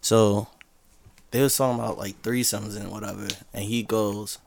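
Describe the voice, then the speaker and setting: A man on a casual podcast, telling a story and acting out the dialogue with animated banter. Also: lowish voice, normal speed, gravelly, slight background noise. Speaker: podcast co-host.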